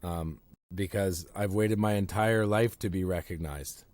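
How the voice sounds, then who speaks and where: A man's voice: low voice, measured pace, darkish tone. A man co-hosting a podcast, rambling and poking fun at himself in casual chat. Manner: rambling, self-deprecating, many fillers. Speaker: podcast co-host.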